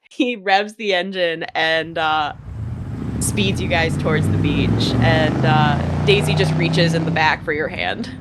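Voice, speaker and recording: A woman's voice: low-pitched, takes it slowly, heavy background noise. A woman narrating as game master in a casual, giggly way. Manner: casual, giggly, lots of fillers.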